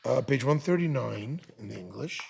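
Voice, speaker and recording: A man's voice: medium pitch, animated, moderate pace, vocal fry, a little mellow, a little hiss or hum. A man, a rabbi teaching a Torah class, animatedly dramatizing the text.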